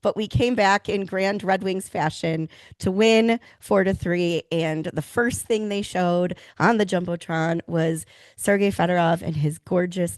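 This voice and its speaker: A woman co-hosting a podcast, chatting casually and telling stories with animated enthusiasm. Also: fairly low pitch, creaky, dry recording. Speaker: podcast co-host. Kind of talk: casual chat.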